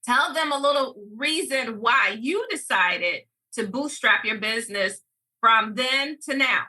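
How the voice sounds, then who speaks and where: A woman co-host leads a business interview with upbeat questions. Her voice is high and very bright with a husky edge. She sits a little away from the mic. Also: animated, unhurried, far from the mic, low-quality recording. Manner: upbeat, guiding the conversation. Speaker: podcast co-host.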